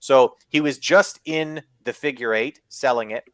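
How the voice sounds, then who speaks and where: A man's voice: mid-range voice, measured pace, no echo. Man recapping wrestling, dry close sound. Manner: profane, excitable play-by-play recap. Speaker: podcast co-host recapping wrestling. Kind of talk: casual chat.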